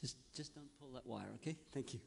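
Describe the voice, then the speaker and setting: A man telling a story to a group of children in a large hall, gentle and coaxing, often checking that they are listening. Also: medium pitch, a little fast, creaky, slightly rough.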